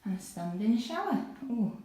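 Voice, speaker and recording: A breathless woman vlogging a walk through an empty house, talking casually between excited exclamations. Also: mid-range voice, moderate pace, a little hiss or hum. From England. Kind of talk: casual house tour vlog. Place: empty house with bare rooms. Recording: echoey empty rooms.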